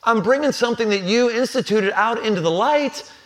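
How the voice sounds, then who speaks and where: A panicked ancient king pleads in a high, strained rush, as a preacher acts him out. The voice climbs well above a man's usual talk and tumbles over itself. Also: animated. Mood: exasperated. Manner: high, rushed, frantic pleading. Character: panicked frantic King David, adult man.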